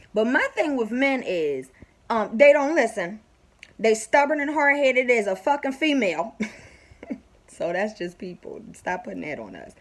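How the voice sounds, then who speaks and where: A woman telling a story in a casual vlog, blunt and profane, with lots of animation. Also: medium pitch. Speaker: vlogger.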